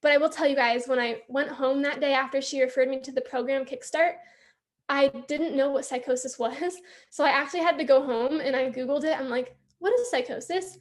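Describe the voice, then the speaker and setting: High-voiced young woman telling her story. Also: steady tone, fairly quick. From San Diego, California. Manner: candid, chatty, addresses audience directly. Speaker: youth peer support speaker. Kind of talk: personal story at a conference talk.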